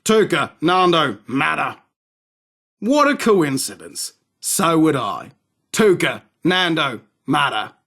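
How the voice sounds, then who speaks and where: Brief: a cocky arms dealer, crude and sardonic, slightly high voice, slow drawl. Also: male voice, big pitch swings, pushed and bright, heavily acted. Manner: sardonic, swaggering, rude. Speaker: game character. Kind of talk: game voice acting.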